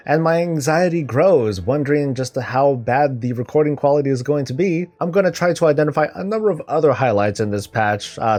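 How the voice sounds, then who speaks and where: Man, gaming news host, wry sarcastic commentary, mid pitch, faint background music. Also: darkish tone. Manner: wry, sarcastic asides with laughs. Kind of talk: casual scripted commentary.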